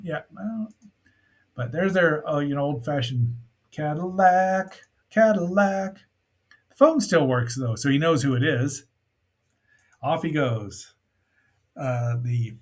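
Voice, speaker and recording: A man hosting a casual review of an old film, rambling and chatty with many fillers and asides. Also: a little high. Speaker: movie reviewer host.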